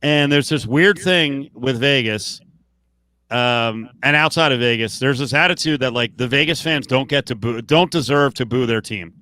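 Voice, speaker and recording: A man's voice: medium pitch, moderate pace, sharp tone, no room sound. A man co-hosting a late-night sports podcast, ranting with heated, profane outbursts. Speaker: podcast co-host.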